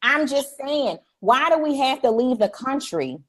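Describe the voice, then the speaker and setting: A middle-aged woman hosting a live stream, talking in an energetic, preachy way, repeating "y'all" and acting out polite phrases. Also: sits high, a little slow. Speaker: host. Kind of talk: energetic livestream talk.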